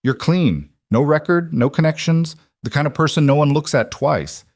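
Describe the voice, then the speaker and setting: A man voicing a cold, controlled crime boss who speaks quietly and with certainty. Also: on the high side, expressive, moderate pace, no echo, voice pushed up.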